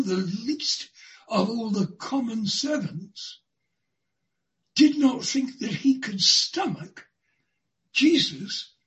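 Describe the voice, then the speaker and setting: Preacher, sermon, slow deliberate delivery, mid pitch. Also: a bit bright, poor audio.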